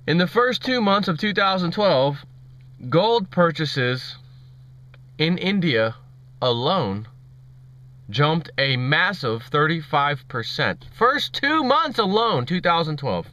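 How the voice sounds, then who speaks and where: A man's voice: on the high side, sing-song, slow pace, bright, forceful tone. A man ranting sarcastically in a commentary vlog, mocking officials. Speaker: vlogger.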